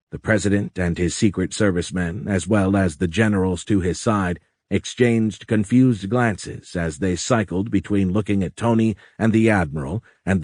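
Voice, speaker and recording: A man narrating an audiobook in a steady, even storytelling delivery. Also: fairly low pitch, no echo, studio quality. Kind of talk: scripted narration.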